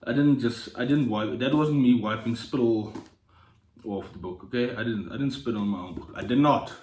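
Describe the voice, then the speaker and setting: Playful man reviewing books, roomy sound. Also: medium pitch. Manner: playful, jokey asides, many restarts. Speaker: book channel host. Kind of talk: casual book review vlog. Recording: roomy echoey room.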